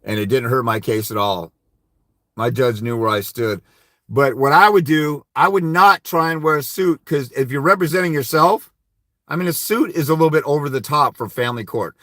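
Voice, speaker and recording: A man's voice: medium pitch, a bit bright, no room sound, studio quality. A blunt, profane man giving casual legal advice to fathers on a livestream, telling stories with quoted dialogue. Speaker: host of a fathers' rights livestream.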